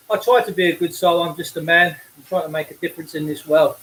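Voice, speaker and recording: A man's voice: a little high, steady tone, fast, hardly any pauses, a bit bright, poor audio. An out-of-breath Englishman, delivering a blunt, preachy livestream rant while cycling outdoors, speaking into a phone.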